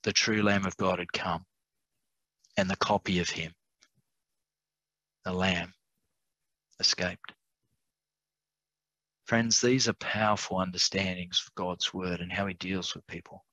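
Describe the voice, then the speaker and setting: A man preaching a Bible study sermon, reading scripture aloud and slowing down on key words for emphasis. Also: low-pitched, steady tone, sharp tone, dry recording, muffled recording.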